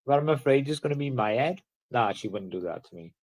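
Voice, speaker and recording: A man's voice: medium pitch, expressive, fast talker, a little mellow. A man from the in a casual vlog, ranting bluntly and swearing heavily. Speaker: vlogger.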